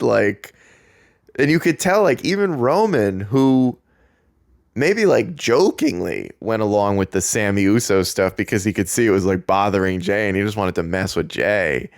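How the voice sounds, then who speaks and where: Chatty low-voiced man recapping wrestling. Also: normal speed, no room sound, studio quality. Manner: excited, chatty, lots of fillers and laughs. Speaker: podcast host.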